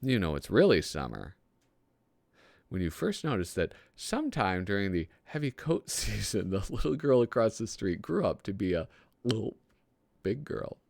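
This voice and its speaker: A man's voice: lowish voice, sing-song, normal speed, gravelly, a little mellow, no echo, clean studio sound. A man hosting a casual comedic commentary, reading old magazine jokes aloud with self-deprecating asides and frequent chuckles.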